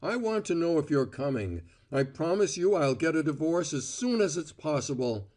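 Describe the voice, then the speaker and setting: A man reading an audiobook voices an imploring, smooth-talking man. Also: fairly high pitch, sing-song, normal speed, darkish tone, pitched above the performer's own voice. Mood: pleading. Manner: imploring, pressing. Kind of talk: audiobook character voice.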